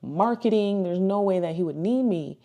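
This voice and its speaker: A woman's voice: medium pitch, lively intonation, normal speed, mellow. A woman in her thirties, a ministry speaker, sharing a personal testimony in a chatty way, with lots of "like" and "you know" and acted-out quotes.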